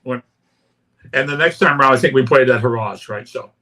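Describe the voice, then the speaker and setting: Bright-voiced older man telling road stories. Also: medium pitch, brisk. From Canada. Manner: rambling anecdotes with many "right?" tags and acted-out quotes. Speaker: interview guest, punk musician. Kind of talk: casual storytelling interview.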